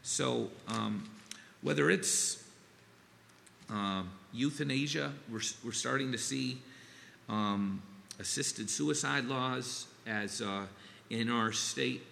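A middle-aged man preaching a sermon, earnest and halting, with many fillers and restarts. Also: medium pitch, vocal fry, pushed and bright. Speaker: pastor. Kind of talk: sermon with scripture reading. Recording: long reverb, faint ambient noise.

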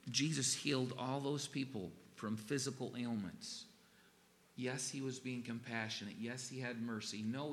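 Gravelly preacher in a reverberant hall. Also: male voice, medium pitch, slight background noise. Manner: earnest, halting, gets emotional and softens. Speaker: pastor. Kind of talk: sermon.

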